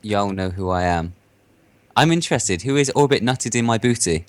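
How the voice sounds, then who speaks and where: A man hosting a casual gaming podcast, relaxed and chuckling as he asks questions. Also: fairly low pitch, normal speed, no room sound.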